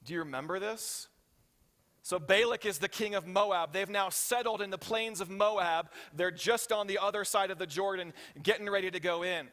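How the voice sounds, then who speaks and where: A man preaching a sermon as pastor, telling the story with animated voices for the characters and often checking in with the congregation. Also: sits high, moderate pace. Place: church hall. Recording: reverberant hall.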